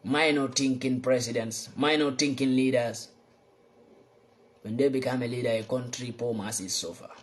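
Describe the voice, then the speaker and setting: A young man giving an impassioned political monologue, fervent and repetitive, swinging between loud outbursts and low muttering. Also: steady tone, normal speed. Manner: repeats lines for emphasis. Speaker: political vlogger.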